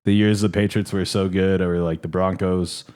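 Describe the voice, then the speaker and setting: A man's voice: sits low, level tone, normal speed, a little mellow, smooth. A young man co-hosting a casual sports podcast, talking loosely with lots of profanity, fillers and laughter. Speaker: podcast co-host.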